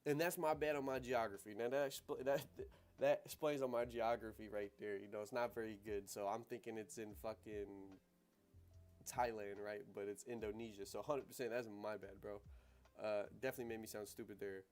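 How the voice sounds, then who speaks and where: A young American man hosts a casual livestream, talking in loose slang peppered with "bro" and "you know what I'm saying," rambling through asides and laughing easily. His fairly low voice is steady, brisk and a little mellow.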